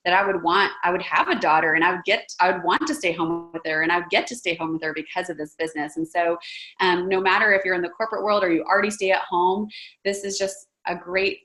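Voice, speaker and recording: A woman's voice: lowish voice, steady tone, fast, pushed and bright. A woman in her thirties with a Texas accent, giving an earnest personal testimonial with frequent ums. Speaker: network marketing presenter. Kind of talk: casual testimonial talk.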